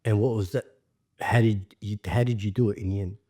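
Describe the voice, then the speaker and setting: A man hosting a podcast, asking questions in a relaxed, conversational way with casual swearing. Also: fairly low pitch, a little fast. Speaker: podcast host.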